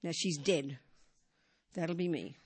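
A woman's voice: low voice, takes it slowly, slightly rough. Older woman giving a conversational Buddhist talk. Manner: conversational, frequent "you know" and rhetorical questions. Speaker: Buddhist teacher. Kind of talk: informal dharma talk.

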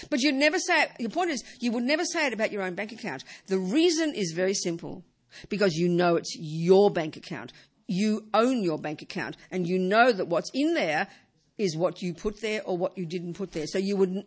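A woman teaching Buddhism in a talk, emphatic and full of rhetorical questions. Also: medium pitch.

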